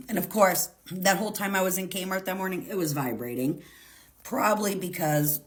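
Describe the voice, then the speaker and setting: Low-voiced woman telling an intense story. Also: moderate pace. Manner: intense, profane, dramatic retelling. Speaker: storyteller vlogger. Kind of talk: emotional storytime vlog.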